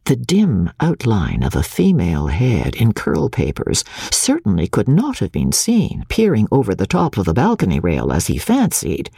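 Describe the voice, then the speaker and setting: Animated, gravelly male audiobook narrator. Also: lowish voice, normal speed, hardly any pauses, dry recording, clean studio sound. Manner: animated, theatrical delivery. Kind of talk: expressive novel narration.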